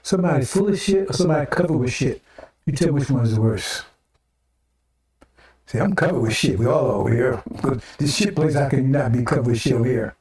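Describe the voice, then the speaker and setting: A man's voice: mid-range voice, brisk, darkish tone. An older man giving an informal sermon broadcast, talking rhetorically, repeating phrases and tagging on "right?" and "see?". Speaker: preacher. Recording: echoey room, mic at a distance.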